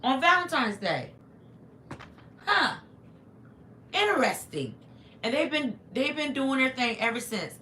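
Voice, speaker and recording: A woman's voice: sits high, big pitch swings, unhurried, long pauses, pushed and bright. A middle-aged woman chatting casually on a livestream from home, talking to viewers while eating. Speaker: livestream vlogger. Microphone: phone. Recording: echoey room with faint noise.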